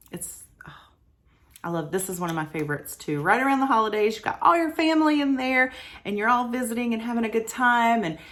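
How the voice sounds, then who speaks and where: A woman casually reviewing home fragrance products, gushing and repeating words for emphasis as she reads out product descriptions. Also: mid-range voice.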